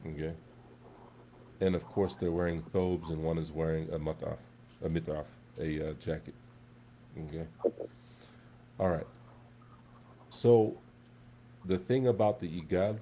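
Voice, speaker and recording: A man teaching an Arabic class in a relaxed, conversational way, often checking in with his students. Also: deep voice, a little slow, pauses often, a little hiss or hum. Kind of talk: live classroom lesson.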